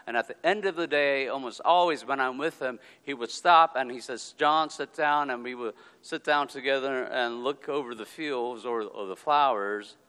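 Bright-voiced man telling a story in a hall. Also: mid-range voice. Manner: deliberate, drawn-out phrases with pauses, checks in with "okay?". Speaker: speaker giving a talk. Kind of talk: personal storytelling talk. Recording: long hall reverb.

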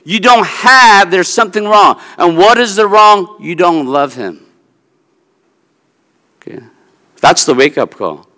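Bright high-voiced man preaching in a hall. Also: lively intonation, a little slow, pauses often. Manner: emphatic teaching with logic examples. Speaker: pastor. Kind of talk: sermon.

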